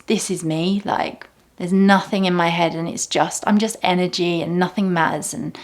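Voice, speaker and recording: Young woman, lowish voice, reflective, hushed meditation talk. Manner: reflective, soft, drifts into hushed near-whispers. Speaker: meditation teacher. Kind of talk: casual talk about meditation.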